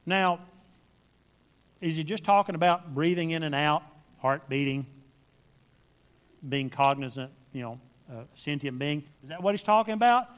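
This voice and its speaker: A man's voice: a little high, lively intonation, normal speed, pauses often, fairly bright tone, long reverb tail. A man preaching a sermon, reading scripture aloud and pressing his points with emphatic repetition and questions to the congregation.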